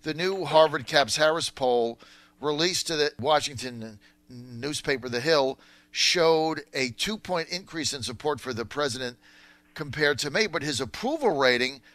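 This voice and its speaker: Male talk radio host, emphatic and punchy, bright forceful tone, dry close studio sound. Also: a little high, animated, normal speed, dry recording. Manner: emphatic, punchy promotional delivery.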